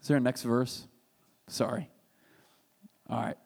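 A man preaching a sermon, retelling a story with animated, emphatic delivery. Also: mid-range voice, a little slow, creaky, husky. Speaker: pastor. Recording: reverberant hall.

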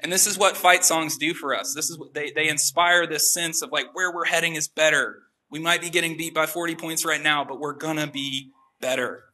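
A man's voice: a little high, fairly even intonation, fairly quick, hardly any pauses, pushed and bright. A young adult man preaching a casual sermon, telling a personal story with many fillers and asides. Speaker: pastor.

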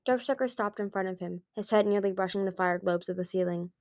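A woman's voice: medium pitch, quick pace, few pauses, darkish tone, no room sound, clean studio sound. A woman reading a fantasy novel aloud in an amateur recording, with small slips and restarts. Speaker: audiobook reader.

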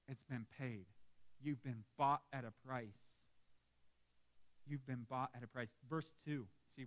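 A young man preaches from the pulpit of a church, his voice pitched high. The sound is bright and forward, and he presses his points hard, then breaks off to joke with the congregation. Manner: lively, emphatic preaching with asides to the congregation. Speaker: pastor. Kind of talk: sermon. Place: church sanctuary.

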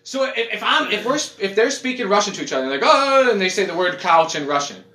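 A man in casual chat, rambling and animated, swearing as he goes. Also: high voice, fast. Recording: echoey room.

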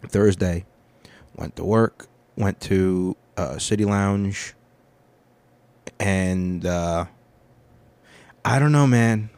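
A young man with a fairly low voice rambles through his week as a podcast host, swearing freely and laughing at himself. The sound is dry and close, with no room around it. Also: extremely slow, pauses often, a little mellow, no echo. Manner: profane, meandering, self-deprecating. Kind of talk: rambling casual monologue.

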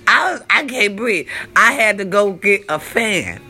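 Lively older woman telling a story. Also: medium pitch, a little slow, slightly rough. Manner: animated, dramatic, swears freely, drawls for emphasis; talks straight to her viewers. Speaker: vlogger. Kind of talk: storytelling vlog.

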